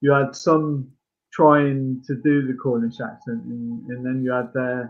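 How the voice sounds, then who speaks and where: A man co-hosting a podcast, chatting casually about an old film, full of halting restarts and fillers. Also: mid-range voice, level tone, soft background music. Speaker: podcast co-host. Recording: tinny phone-like line.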